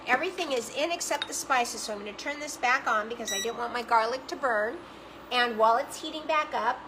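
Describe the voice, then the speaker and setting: A middle-aged woman leads a live cooking class from her own kitchen, chatting freely with her viewers as she works. The stream carries a clear layer of background noise under her voice. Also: a little high. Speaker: home cooking coach. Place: home kitchen.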